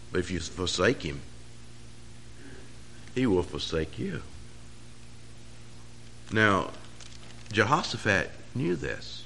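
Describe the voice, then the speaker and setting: A man's voice: lowish voice, a little hiss or hum. Emphatic preacher man. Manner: emphatic preaching, swelling louder on key phrases. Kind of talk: sermon.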